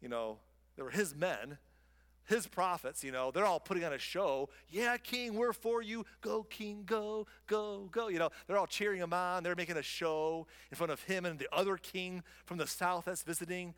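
A man's voice: a little high, normal speed, a bit bright. A man preaching a sermon, retelling a scripture story in a casual, conversational way. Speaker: pastor. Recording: long hall reverb.

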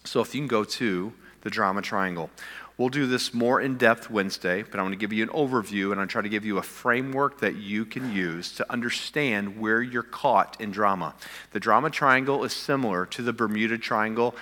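A man preaching from the pulpit with a bright, forceful tone that carries a long reverb through a large hall. He climbs to emphatic peaks, then drops into quiet intensity. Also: lowish voice, fairly quick. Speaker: pastor. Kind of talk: sermon.

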